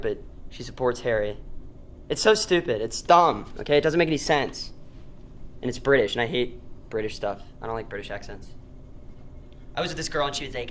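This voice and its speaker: A petty, resentful young guy, played by a man, rambles through an improvised film monologue, grumbling and sulking. His voice sits at an ordinary middle pitch. A faint ambience hangs behind him. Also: slight background noise, natural voice. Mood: bitter. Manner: rambling, grudging rant that trails off quietly. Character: jealous young man ranting, petty and bitter.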